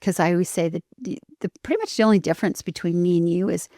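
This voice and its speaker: A woman with a lowish voice tells a story as a podcast guest, animated and expressive, slipping into the voices of the people she describes. The sound is close and dry, with no room around it. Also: fast talker, no echo. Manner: animated, acts out dialogue with lively shifts.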